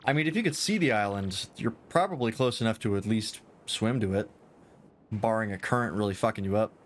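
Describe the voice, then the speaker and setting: A man's voice: on the low side, fairly quick, a little hiss or hum. A young man streaming a game, chatting in a casual, offhand way with plenty of swearing. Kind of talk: casual gameplay commentary.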